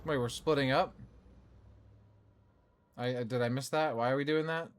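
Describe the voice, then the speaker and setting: A man's voice: medium pitch, steady tone, moderate pace, clear, resonant tone. A man streaming a video game, chatting, laughing and critiquing it casually. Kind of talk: casual let's play commentary.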